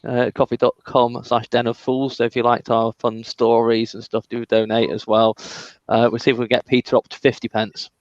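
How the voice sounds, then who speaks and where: A man's voice: mid-range voice, completely flat delivery, moderate pace, hardly any pauses, dry recording. Man, chatty teasing host, dry close sound, dull lo-fi mic. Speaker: panel show host. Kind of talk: hosting a comedy panel show.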